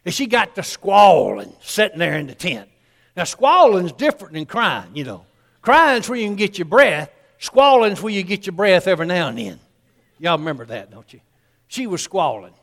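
Folksy preacher telling a story. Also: male voice, sits high, very animated, moderate pace, gravelly, fairly bright tone, in a large hall. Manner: folksy, acts out the people in his story. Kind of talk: sermon storytelling.

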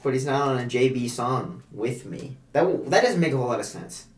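A man's voice: medium pitch, animated, brisk. A man co-hosting a casual podcast chat, dry and questioning. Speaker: podcast co-host. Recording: echoey room, faint noise.

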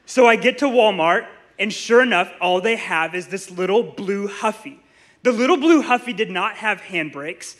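A man, preaching a sermon in a church with animated storytelling and playful asides to the congregation. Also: high-pitched, moderate pace. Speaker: pastor. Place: church sanctuary.

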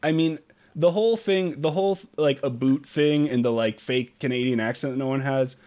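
A man's voice: medium pitch, normal speed, darkish tone. A man chatting casually about a movie, blunt and profane, rambling with lots of restarts. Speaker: podcast co-host. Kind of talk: casual film review chat.

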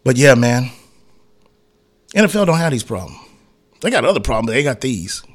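A man's voice: medium pitch, big pitch swings, moderate pace. A man hosting a sports talk radio show, ranting in a heated, rambling, slangy way and slipping into mocking voices. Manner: heated, rambling, slangy rants full of acted asides.

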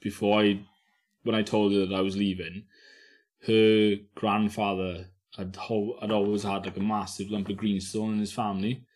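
A man's voice: lowish voice, flat delivery, moderate pace, darkish tone. A man chatting as a guest on a podcast, rambling through stories with restarts and frequent laughter. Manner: rambling storyteller, mumbles and restarts, laughs a lot. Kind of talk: casual chat.

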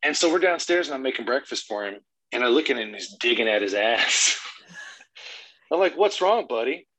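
A man's voice: medium pitch, normal speed, no room sound, poor audio. A man in his thirties telling a long family story in casual chat on a podcast, swearing freely and acting out the lines he quotes. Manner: profane, animated retelling with voiced quotes. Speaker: podcast guest.

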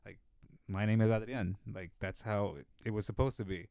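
Podcast co-host, male, low mellow voice, reflective chat delivery, dry close sound. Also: normal speed, vocal fry, dry recording. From Spanish-speaking family in the United States. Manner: thoughtful, repeats words while thinking. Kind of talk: casual chat.

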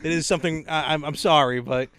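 A man co-hosting a podcast in casual chat, playful and quick with quips, often laughing. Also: a little high, fairly bright tone, clean tone, no room sound. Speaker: podcast co-host.

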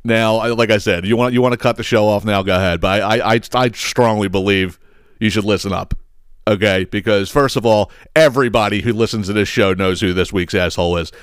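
A man's voice: lowish voice, brisk, clean tone, no echo, studio quality. A man hosting a podcast, ranting about politics with heavy swearing and repeated words. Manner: emphatic, swearing, repeats himself. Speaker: podcast host. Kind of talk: profane political rant.

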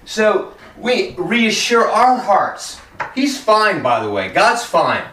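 A man preaching in a lively, swooping voice that sits a little high for a man. He talks to the room like a friend, tossing in jokes and acting out quick dialogues. The sound is roomy and picked up from a few steps back. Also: distant mic, a little hiss or hum. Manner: animated and conversational, joking, acting out quotes. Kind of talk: sermon.

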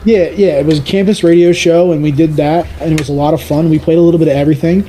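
A man's voice: on the high side, steady tone, fast talker, mellow, a little hiss or hum, low-quality recording. A man in his thirties with a subtle New York accent, chatting casually as a podcast guest, rambling with frequent restarts. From New York area, outside the city. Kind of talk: casual chat.

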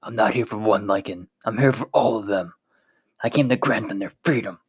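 A man reading a story, voicing a determined young male hero who speaks in a quiet, steady way. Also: fairly low pitch, a little fast, husky. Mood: resolute.

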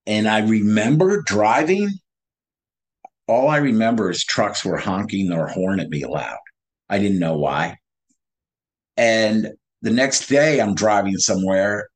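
A man guest on a video call, telling his story in an animated way, laughing and acting out past conversations. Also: lowish voice.

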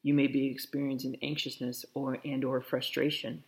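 A man preaching a sermon in a slow, reflective way, softly repeating a blessing. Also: mid-range voice, level tone, gravelly. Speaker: pastor.

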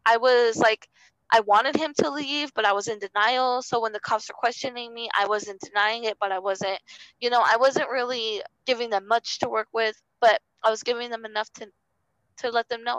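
A young woman telling her own story in an interview, halting and earnest, often circling back with fillers. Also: a little high, steady tone, fairly bright tone, clear, resonant tone, dry recording, poor audio. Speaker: interview guest. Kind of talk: personal testimony in conversation.

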